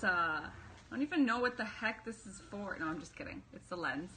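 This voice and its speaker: A woman's voice: medium pitch, lively intonation, fairly quick, bright, forceful tone, slight background noise. A young woman vlogging casually as she unboxes a camera, bubbly and chatty, full of fillers and self-deprecating asides.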